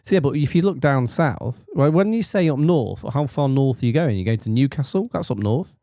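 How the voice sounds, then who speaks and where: Middle-aged man, teasing podcast host, mellow tone, dry close sound. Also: mid-range voice, lively intonation, a little fast, no echo. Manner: teasing, quizzing, talks over others. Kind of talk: casual debate chat.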